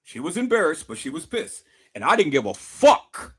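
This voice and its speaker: A young man telling a story straight to his viewers with animated, emphatic delivery and lots of swearing. His voice sits somewhat high for a man and rises and falls widely in pitch. He leans on repetition for emphasis. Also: normal speed, slightly rough. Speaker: vlogger. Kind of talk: casual storytelling to camera.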